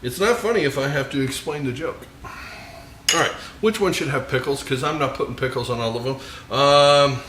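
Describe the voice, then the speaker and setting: A man's voice: medium pitch, moderate pace, fairly bright tone, echoey room, slight background noise. A man hosting a home cooking video, joking and enthusing as he dresses and tastes burgers. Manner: jokey, enthusiastic, savoring food with murmured mms. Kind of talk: casual cooking vlog with tasting. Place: home kitchen.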